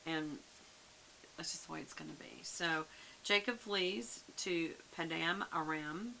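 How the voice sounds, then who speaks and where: A woman's voice: sits low, a little slow, creaky, sharp tone, poor audio. A woman leading a casual Bible study, musing aloud with frequent fillers. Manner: conversational, muses aloud, many fillers. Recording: faint hiss.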